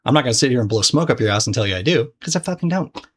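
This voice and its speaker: This man runs a recorded trading course lesson, addressing the viewer directly and keeping things casual. He talks rapid-fire in a mid-range voice, cursing without restraint and frequently starting sentences over.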